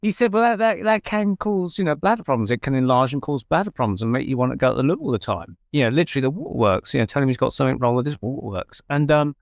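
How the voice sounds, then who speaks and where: A man's voice: medium pitch, expressive, racing, gravelly, few pauses, no echo, clean studio sound. A middle-aged man with an English accent, hosting a podcast and telling his own story in a chatty, self-deprecating way with many restarts. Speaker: podcast host. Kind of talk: conversational storytelling.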